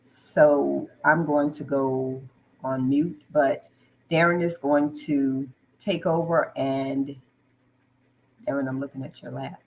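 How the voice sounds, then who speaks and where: A woman's voice: a bass voice, fairly even intonation, slow, slight background noise, rough recording. A woman hosting a live online talk show, friendly and full of "um"s, greeting viewers as she talks. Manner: friendly, filler-heavy, greets viewers mid-sentence. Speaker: host.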